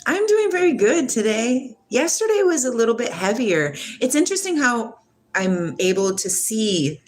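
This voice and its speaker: A woman in her forties from Washington state, USA, muses casually and reflectively about spirituality while answering a livestream chat, laughing often. Her voice is a little high with big pitch swings and a moderate pace, and there's a little hiss or hum.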